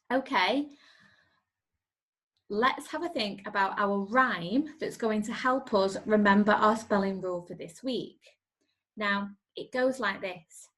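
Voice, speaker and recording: A woman teaching a recorded spelling lesson to young children, speaking clearly and encouragingly and drawing her words out. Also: mid-range voice, fairly bright tone. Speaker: primary school teacher.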